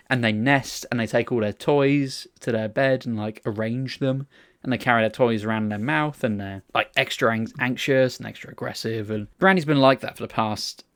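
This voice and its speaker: A man co-hosting a casual podcast, telling rambling, sweary stories full of restarts. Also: medium pitch. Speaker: podcast co-host. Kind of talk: casual chat.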